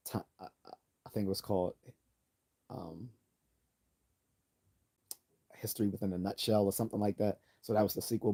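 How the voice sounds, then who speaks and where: A man hosts a casual livestream in a low, mellow voice. He rambles, restarts his sentences and corrects himself as he goes. He reads out viewer comments and answers them. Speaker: livestream host.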